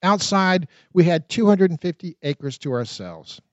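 A man narrating his own memoir in an expressive, dramatic audiobook reading. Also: high voice, unhurried, no echo. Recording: dull, lo-fi dry recording.

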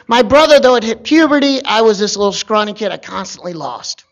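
Wry gravelly-voiced man telling a story. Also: high voice, fairly quick. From Virginia. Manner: wry, conversational, deadpan asides. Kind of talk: personal storytelling.

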